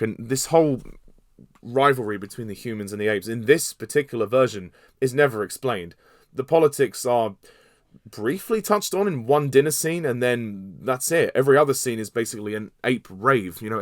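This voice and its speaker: A man's voice: medium pitch, no room sound, studio quality. Exasperated man ranting. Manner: exasperated, sweary, animated rant with bursts of laughter. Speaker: podcast host, film reviewer. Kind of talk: ranting film review.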